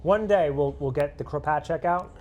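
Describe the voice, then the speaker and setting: A young man with a slightly higher voice chats casually outdoors at a snowy shooting range. He rambles, breaks off mid-sentence and laughs between thoughts. He sounds like one of the show's hosts. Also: moderate pace, a little mellow, a little hiss or hum. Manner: rambling, self-interrupting, laughing. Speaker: co-host. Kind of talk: casual chat.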